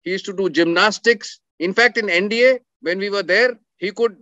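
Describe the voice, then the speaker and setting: A middle-aged man tells a story in an earnest, emphatic way and repeats his words for weight. His voice sits high for a man. The sound is dry and a little dull. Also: normal speed, bright, forceful tone, dry recording. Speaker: speaker telling a coursemate's story. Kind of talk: storytelling talk with slides.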